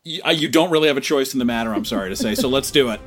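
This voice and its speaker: A man's voice: medium pitch, racing, fairly bright tone, soft background music. A man hosting an interview, asking questions with a dry, teasing manner. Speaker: interview host. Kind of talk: casual interview chat.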